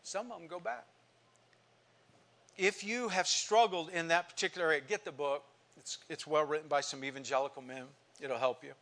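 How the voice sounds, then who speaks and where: A man in his sixties teaching a Bible class in sermon style, reading scripture with passion and swinging from soft to loud. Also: a little high, fairly even intonation, moderate pace. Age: 60s.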